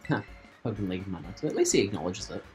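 A man's voice: low voice, very animated, racing, a little mellow, soft background music. A man giving playful, joking commentary while he plays a video game for his channel. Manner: playful, laughs and jokes while playing. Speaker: gaming channel host. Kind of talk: casual let's-play commentary.

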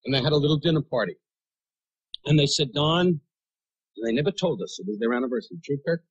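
A brash man roasting a friend on stage. His voice sits a bit high and has a husky edge. He fires off insults in quick succession and shouts his punchlines. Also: animated, lo-fi sound. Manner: brash rapid-fire insult humor. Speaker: roast comedian. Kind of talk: stand-up roast routine.

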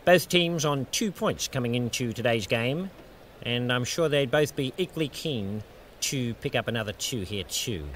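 A man doing a comedy impression of a dry, measured veteran male cricket commentator with an Australian accent. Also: medium pitch, animated, fairly bright tone, slight background noise, natural voice.

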